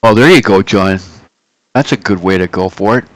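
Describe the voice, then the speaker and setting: Low-voiced man rambling market commentary. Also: moderate pace, dry recording, poor audio. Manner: rambling, many fillers and self-corrections. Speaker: host of a live trading stream. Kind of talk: casual live market commentary.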